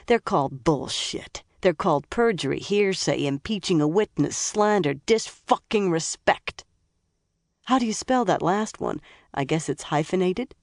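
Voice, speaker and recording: A woman's voice: fairly low pitch, animated, measured pace, no echo, studio quality. An audiobook narrator voicing a tough, profane female police deputy with a blunt, sarcastic manner. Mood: ranting sarcastic. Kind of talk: audiobook character voice.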